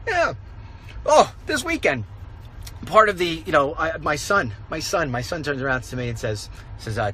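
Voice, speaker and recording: Animated, emphatic middle-aged man rambling. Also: fairly high pitch, a little fast, a little hiss or hum, rough recording. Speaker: online commentator. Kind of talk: rambling walk-and-talk monologue. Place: outdoors, walking.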